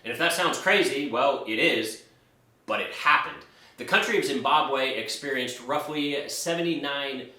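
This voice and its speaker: Bright-voiced man explaining money. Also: mid-range voice. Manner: conversational, walks through everyday hypothetical examples. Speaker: personal finance YouTube host. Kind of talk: casual explanatory talk. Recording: roomy echo.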